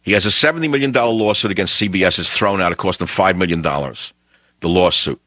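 A deep-voiced man with a New York accent rants through an opinionated talk radio monologue, mocking and sarcastic, his voice leaping upward when he wants to make a point. The sound is dry and close, with a dull, lo-fi broadcast quality. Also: fast talker, bright, forceful tone, no room sound. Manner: ranting, sarcastic, pitch jumps high for emphasis.

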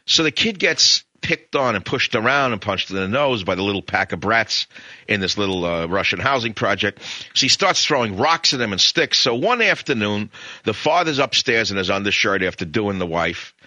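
Middle-aged american radio host, low voice but really sharp edge, rambling opinionated monologue, dry sound. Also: male voice, sing-song, normal speed, no echo. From United States. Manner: rambling, emphatic retelling with opinionated asides.

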